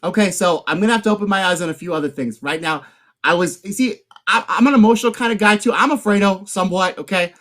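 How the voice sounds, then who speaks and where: A man hosting a casual political livestream chat, excitable and hot-headed, often repeating himself and swearing. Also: high-pitched, fast talker. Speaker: livestream host.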